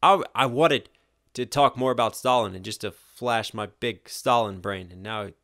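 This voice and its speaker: A young man, a rapper, reacting to a music video in casual, animated commentary, swearing and laughing often. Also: lowish voice, moderate pace, vocal fry.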